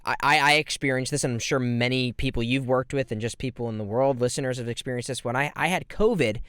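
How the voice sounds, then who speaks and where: A man's voice: medium pitch, fast talker, a bit bright, clean tone, no room sound. Dry-sounding man podcast host. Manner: rambling, lots of restarts and self-corrections. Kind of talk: podcast interview.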